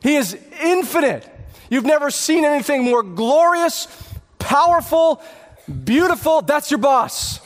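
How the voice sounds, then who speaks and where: Earnest high-voiced male pastor preaching. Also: lively intonation, a little slow, long reverb tail. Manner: earnest, builds to emphatic peaks with repeated words. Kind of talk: sermon.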